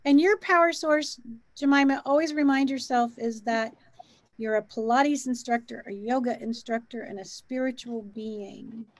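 Middle-aged woman, encouraging co-host, high voice, dry close sound. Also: steady tone, moderate pace, no echo. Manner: encouraging, coaching tone. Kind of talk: casual spiritual chat.

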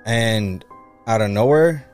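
A man telling a story in a casual podcast chat, animated and swearing, slipping into Spanish phrases. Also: lowish voice, takes it slowly, faint music behind.

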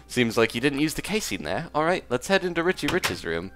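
Man, gaming host, put-on English accent, jokey, lively voice. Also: on the high side, brisk, soft background music. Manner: jokey, playing a pompous detective. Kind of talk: in-character let's play commentary.

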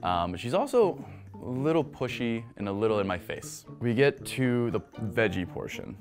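A man's voice: medium pitch, sing-song, normal speed, music in the background. A man telling a story about his brief job at a sandwich shop, with dry, wry humor. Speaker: former fast-food worker. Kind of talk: storytelling to camera.

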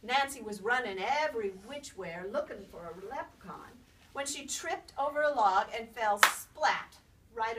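A woman storyteller telling a folk tale aloud in an expressive, lilting way. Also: on the high side. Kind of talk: oral storytelling. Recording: distant mic, faint background noise.

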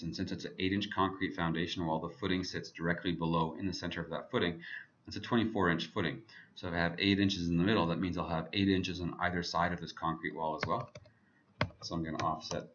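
A man teaching a software tutorial over his screen, talking casually and thinking aloud as he clicks through each step. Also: low-pitched, muffled recording, slight background noise.

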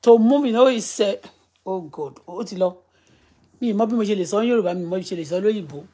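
A woman's voice: medium pitch, fast, dark tone, husky. A woman in her thirties with a Nigerian Yoruba accent, chatting casually on a live stream, laughing often and reading viewer comments aloud. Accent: Nigerian, Yoruba-speaking.

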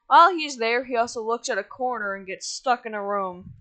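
A woman's voice: fairly high pitch, animated, pushed and bright, low-quality recording. A woman telling a story in rambling casual chat, often restarting with "anyway" and snapping back at interruptions. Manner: rambling, lots of "anyway", quick to snap back.

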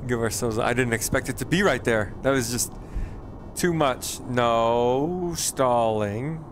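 With music playing in the background, a chatty man with a mid-range voice talks at normal speed while streaming a flight game. He addresses viewers in casual live commentary and teases himself about his flying.

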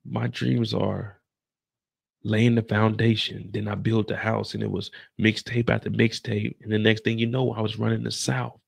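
Man putting on a cocky young dealer, lowish gravelly voice, blunt and boastful. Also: level tone, normal speed, no echo, full character voice. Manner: boastful, blunt street talk. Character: cocky young male drug dealer dreaming big.

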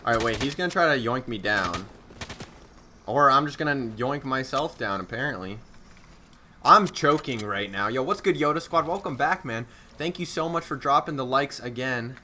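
Slight background noise sits under a young man's medium-pitched, moderately paced voice as he streams a shooter game live. He jokes at his own expense, uses slang, chats casually with viewers, and gets worked up when the action gets tense.

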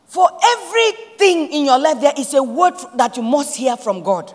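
A woman's voice: high-pitched, sing-song, normal speed, long reverb tail. Emphatic Nigerian woman preaching. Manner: emphatic, repetitive preaching with quoted prayers. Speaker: pastor. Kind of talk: sermon.

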